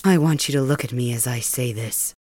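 A woman voicing a cold, cruel young male king, calm and mocking, in an ASMR audio role-play. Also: rumbling low, a little fast, no echo, voice pushed down. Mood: coldly cruel.

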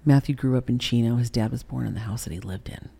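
This sixty-something woman has a bass voice that's gravelly, dark and slightly rough, and she talks fast. As an interview guest sharing a frank personal story, she acts out old conversations and frequently drops into whispers.

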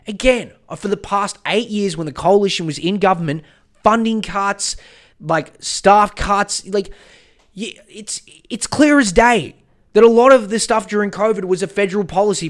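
A man hosting a podcast, ranting heatedly and profanely in a rambling, casual way. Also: high-pitched. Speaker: podcast host. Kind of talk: casual political rant.

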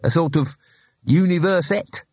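A man's voice: fairly high pitch, animated, darkish tone, a little hiss or hum, voice pushed up. A man doing a fussy little shopkeeper. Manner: chatty, brisk.

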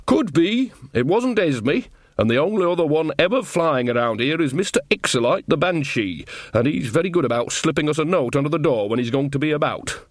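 A man's voice: a little high, expressive, fairly quick, no room sound, pitched above the performer's own voice. Old witch woman, earthy and bawdy, blunt rustic talk; male narrator voices her. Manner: blunt, cheeky, rustic grammar.

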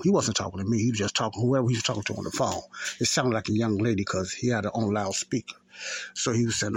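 Low gravelly man in his fifties. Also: steady tone, fast. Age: 50s. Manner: rambling, repetitive, self-correcting. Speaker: podcast host. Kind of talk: casual talk and storytelling.

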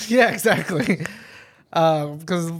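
A young man tells a story on a casual podcast, rambling through fillers and curses. His voice sits a little high and he laughs often. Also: very slow, a bit bright. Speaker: podcast co-host. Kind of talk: casual chat.

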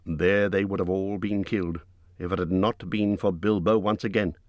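A man reading an audiobook in measured, dramatic storytelling, recorded on a close studio mic. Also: low voice, fairly even intonation, no echo, muffled recording. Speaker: audiobook narrator. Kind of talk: scripted audiobook narration.

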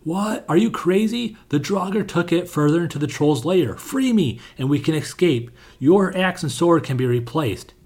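A man voicing a panicky, blaming male cult priest who is tied up, his voice pitched up and whiny. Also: lively intonation, moderate pace, hardly any pauses, a little mellow, slightly rough. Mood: pleading.

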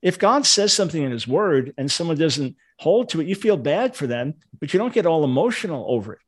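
A man's voice: on the high side, sing-song, fairly quick, husky. An older man, a Bible scholar, explaining his view earnestly in a casual livestream discussion.

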